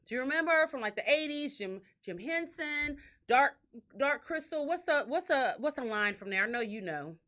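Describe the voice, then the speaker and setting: Host, woman in her thirties, high and bright voice, lively storyteller. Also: normal speed. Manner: animated, profane, acts out quotes in a shrill crying voice. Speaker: podcast host. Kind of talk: casual storytelling chat.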